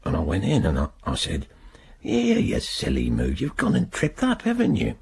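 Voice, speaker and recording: An actor playing a British older man freed after many years in prison, telling his story in a halting, bitter way with a husky voice in a radio drama. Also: on the low side, huge pitch swings, darkish tone, a little hiss or hum, exaggerated voice. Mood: haunted. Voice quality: gravelly, husky.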